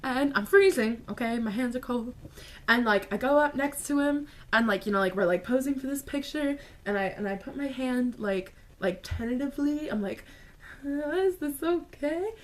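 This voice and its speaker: Animated high-voiced woman vlogger. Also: moderate pace. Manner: animated, filler-heavy retelling with lots of "like". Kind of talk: casual storytelling to camera.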